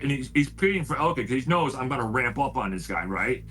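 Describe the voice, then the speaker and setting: A man's voice: mid-range voice, expressive, fast, fairly bright tone, poor audio. A man telling a heated story on a video call. He talks casually, stacks up "I said" over and over, and swears when he gets worked up. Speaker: paranormal house owner telling a story.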